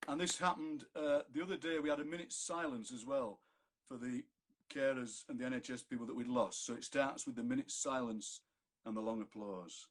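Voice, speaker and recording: A man's voice: medium pitch, fairly quick, a little hiss or hum. A man with a Yorkshire accent, a poet chatting and reading his sonnets aloud on a video call. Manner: chatty, jokey, reads verse aloud. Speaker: poet reading at an online fundraiser. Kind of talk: poetry reading with chat.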